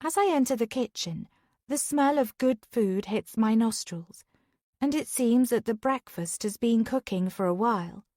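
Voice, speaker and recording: A woman reading a first-person thriller audiobook as whispered role-play, soft and intimate. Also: a little high, animated, measured pace, dry recording, clean studio sound. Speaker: audiobook narrator.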